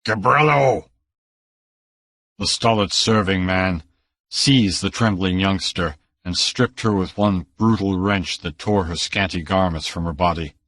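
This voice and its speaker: Male audiobook reader, very deep, measured, dry studio sound. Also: steady tone, a bit bright, no echo. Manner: measured, dramatic storytelling. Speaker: audiobook narrator. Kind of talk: scripted narration.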